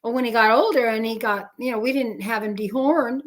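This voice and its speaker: A woman with a slightly raised pitch chats casually on a live stream. She chimes in often with short agreements and encouraging remarks. The sound comes through a video call. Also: fairly quick. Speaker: co-host of a live chat stream. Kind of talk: casual chat.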